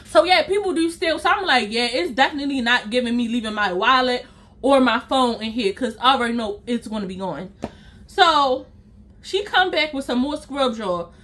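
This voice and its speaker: Animated, bright-voiced woman storyteller. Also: fairly high pitch, normal speed. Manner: animated, talks straight to viewers, acts out her own reactions. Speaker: vlogger telling a story. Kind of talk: casual storytime to viewers.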